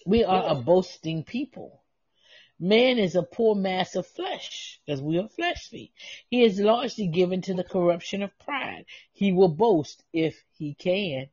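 A woman's voice: lowish voice, animated, a little slow, darkish tone, slightly rough, no echo. A woman pastor preaching a fervent, emotional sermon, tearful, crying out praise and breaking into tongues. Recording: dull lo-fi dry recording.

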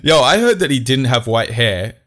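A man's voice: medium pitch, very animated, normal speed, a bit bright. An Australian man co-hosting a podcast, trading crude jokes in casual banter. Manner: crude joking, swears freely. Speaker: podcast co-host.

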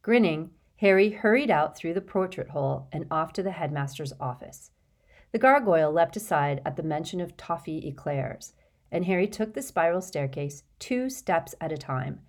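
Woman narrator, low pitched voice, even storybook reading, clear. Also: moderate pace. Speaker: audiobook narrator.

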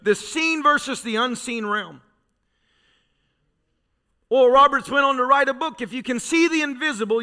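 Pastor guy preaching in church, really high voice, fired up, gets quiet then yells. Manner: fervent, storytelling preacher who swings from soft to shouting. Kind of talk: sermon. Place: church sanctuary.

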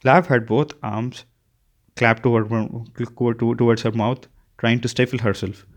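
Male audiobook narrator, steady reading. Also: mid-range voice, a little slow. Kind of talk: scripted narration.

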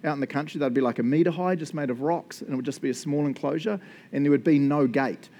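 A man's voice: fairly high pitch, fast talker, warm tone. A man, preaching as a pastor, praying and then teaching in an earnest, enthusiastic way with frequent laughs. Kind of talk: sermon with spoken prayer.

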